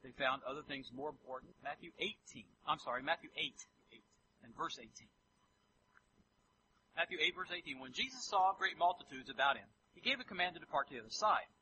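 A man preaching a sermon, animated and acting out scripture quotes in different voices. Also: on the high side, brisk, slight background noise, low-quality recording.

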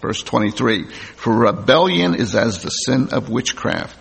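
A man delivers a sermon, reading verses aloud and then explaining them to his listeners. His voice is gravelly and husky. The sound carries a long reverb, as in a large hall. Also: on the low side, animated, measured pace, hardly any pauses, fairly bright tone. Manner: reads scripture aloud, then comments plainly to the congregation. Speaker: preacher.

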